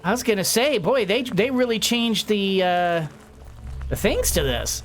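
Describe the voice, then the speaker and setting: Woman, game commentary, chatty, excitable, mid pitch. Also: a little slow, faint music behind. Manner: chatty, excitable, frequent gasps and laughs. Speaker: gameplay streamer.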